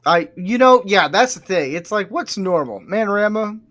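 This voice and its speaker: Joking man with a higher voice. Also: expressive, moderate pace, fairly bright tone. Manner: jokey storyteller, acts out quotes. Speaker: podcast host. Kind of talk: casual chat.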